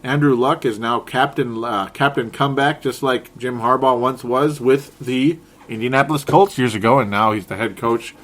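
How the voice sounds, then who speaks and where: Sarcastic, animated man recapping football. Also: medium pitch, normal speed, hardly any pauses. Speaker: podcast host. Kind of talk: casual sports talk.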